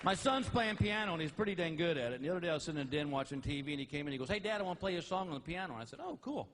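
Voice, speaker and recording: A middle-aged man doing live stand-up comedy on stage, telling stories and landing each punchline slowly and loudly. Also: on the high side, expressive, big-room sound. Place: large theater with audience. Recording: live stage recording with crowd laughter and noise. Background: audience laughing.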